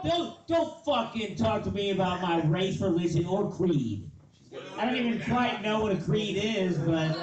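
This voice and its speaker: Male comedy host, brash crowd work; higher voice, distant mic, crowd loud behind. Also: lively intonation, a little slow, roomy sound. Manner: brash, heckles back. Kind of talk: hosting a comedy show, bantering with the crowd.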